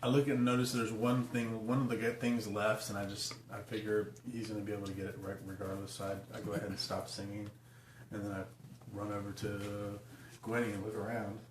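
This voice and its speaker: A man's voice: lowish voice, flat delivery, fairly quick. A man playing a tabletop game, laid-back, narrating his own moves. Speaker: player. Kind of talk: casual game chat. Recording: distant, roomy, noisy.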